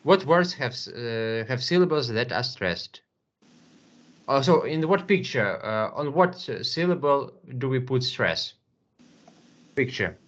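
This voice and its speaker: A man's voice: mid-range voice, lively intonation. Patient man teaching English, muffled sound. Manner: patient, repeats words slowly, many fillers. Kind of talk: online English lesson.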